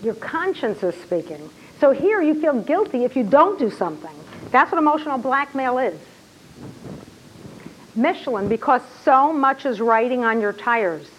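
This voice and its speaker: A woman teaching a classroom lecture, animated and excitable, full of rhetorical questions to her students. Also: high voice, moderate pace, slight background noise, rough recording.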